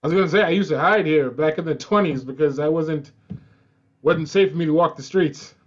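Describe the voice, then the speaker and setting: A man performing improvised comedy on stage, halting with many fillers. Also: a little high, dull audio.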